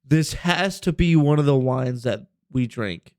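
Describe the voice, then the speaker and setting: The young man co-hosting this podcast tells a drawn-out, meandering story, cursing and leaning on fillers throughout. His voice is medium in pitch, expressive and a little mellow, delivered at a measured pace in clean studio audio free of room sound.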